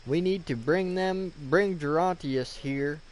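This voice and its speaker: A man's voice: a little high, measured pace, a little hiss or hum, pitched above the performer's own voice, close to an everyday voice. Man putting on an earnest young healer woman. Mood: alarmed. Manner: dramatic, formal reading of game dialogue.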